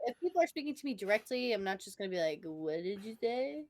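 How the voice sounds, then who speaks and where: A woman's voice: medium pitch, sing-song, quick pace, darkish tone. A young woman co-hosting a casual podcast, teasing her partner and giving blunt short answers. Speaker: podcast co-host. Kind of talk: casual chat.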